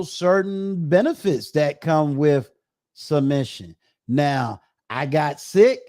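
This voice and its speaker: Brief: middle-aged male host, slightly high voice, relaxed and filler-heavy. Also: clear, resonant tone, no room sound, clean studio sound. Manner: relaxed, drawn-out phrasing with many fillers. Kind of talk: casual live-stream chat.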